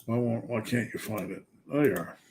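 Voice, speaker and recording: A man's voice: mid-range voice, normal speed, a little mellow, slight background noise. A man hosting a live fitness Q&A stream, chatting casually and asking himself rhetorical questions.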